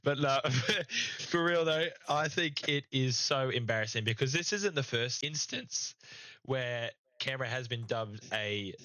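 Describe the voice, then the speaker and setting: Young Aussie podcast host, loud and swearing, bright forceful tone, dry close sound. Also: male voice, mid-range voice, dry recording, low-quality recording. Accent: Australian. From Australia. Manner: fired-up, swearing, mock-outraged. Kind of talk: casual sports podcast rant.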